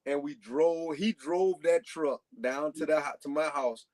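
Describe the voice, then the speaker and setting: A man's voice: on the high side, measured pace, darkish tone. A man telling long casual stories as a guest on a talk show, rambling with frequent restarts. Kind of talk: casual storytelling.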